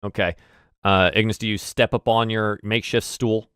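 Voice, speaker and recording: A man's voice: on the low side, flat delivery, normal speed, fairly bright tone, smooth, dry recording, clean studio sound. A man narrating as game master, rambling with many fillers and restarts.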